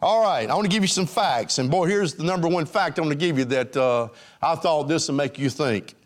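A man's voice: fairly high pitch, brisk. A man preaching a sermon in a congregation, with an emphatic, rising and falling cadence and frequent fillers.

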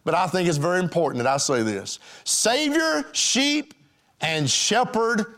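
A man's voice: sits high, very animated, measured pace, a bit bright. A man preaching a sermon as pastor, calling out questions to his congregation. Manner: emphatic preaching, calls out to the congregation.

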